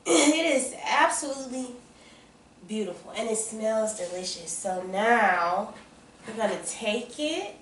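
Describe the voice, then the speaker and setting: Excitable Southern woman chatting in her kitchen. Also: mid-range voice, recorded from a distance, slight background noise. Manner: excitable, chatty, calls viewers y'all and baby. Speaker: home baking vlogger. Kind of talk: casual chat to camera. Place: home kitchen. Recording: roomy kitchen sound, off-mic.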